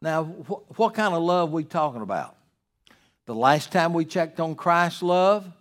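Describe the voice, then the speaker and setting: A man preaching a sermon, emphatic, repeating key words and building to loud climaxes. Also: on the high side, expressive, slow. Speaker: pastor.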